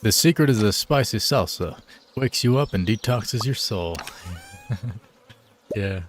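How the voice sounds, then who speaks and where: Casting: male game streamer, mid-pitched, easygoing and slangy, joking with chat, faint background noise. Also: expressive, measured pace. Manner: laid-back, joking, slangy. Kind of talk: casual live-stream chat.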